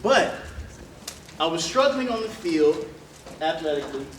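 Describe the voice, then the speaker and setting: A man telling a joking, animated story to a live audience, talking straight to the crowd, with a relaxed sound. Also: fairly high pitch, a little slow, far from the mic. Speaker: motivational speaker. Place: large room with an audience. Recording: echoey room from afar with crowd noise.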